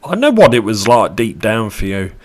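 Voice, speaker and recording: A man giving a casual tarot reading to camera, chatty and animated, with casual swearing. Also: fairly low pitch, moderate pace. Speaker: tarot reader.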